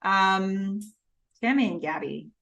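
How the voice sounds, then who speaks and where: A woman co-hosting a podcast, chatting casually about a TV episode and acting out the characters' lines in quick bursts. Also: mid-range voice, creaky, fairly bright tone. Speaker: podcast co-host. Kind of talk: casual TV recap chat.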